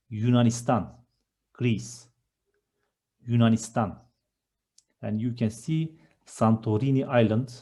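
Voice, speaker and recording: A male teacher walks through picture slides word by word, repeating each term patiently. His voice is dark and mellow, and he speaks at a very unhurried pace. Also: medium pitch. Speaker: language teacher. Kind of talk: slow vocabulary lesson with picture slides.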